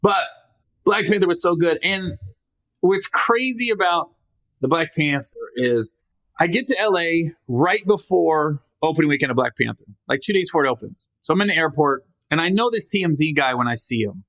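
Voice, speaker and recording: A man's voice: a little high, lively intonation, normal speed, a bit bright, no echo. A man hosting a podcast, talking alone in a casual, rambling way, joking at his own expense and often restarting his sentences. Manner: rambling, with frequent restarts and self-corrections; joking, self-deprecating. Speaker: podcast host. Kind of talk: casual solo monologue.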